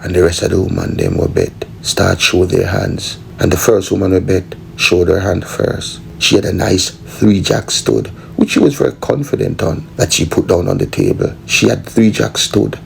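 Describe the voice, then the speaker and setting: Man, rambling storyteller, gravelly, lively pitch. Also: moderate pace, hardly any pauses, slight background noise, rough recording. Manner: rambling, full of "you know". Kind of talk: comic storytelling.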